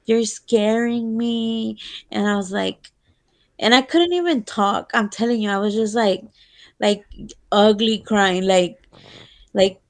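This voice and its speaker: Latina podcast co-host, slow and kinda gravelly, swears a lot, drops in. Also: female voice, mid-range voice. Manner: candid, profane, switches into Spanish. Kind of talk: casual chat.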